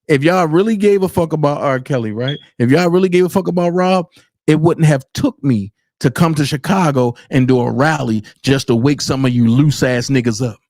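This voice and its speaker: Male commentary host with a high voice, blunt and profane, dry close-miked sound. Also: normal speed, a little mellow, no echo. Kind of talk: unscripted commentary rant.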